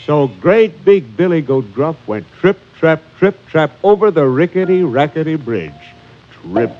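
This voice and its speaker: A man reading a children's story aloud in an animated singsong, with rhythmic chanted refrains. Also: a little high, moderate pace, background noise. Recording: muffled recording with music behind.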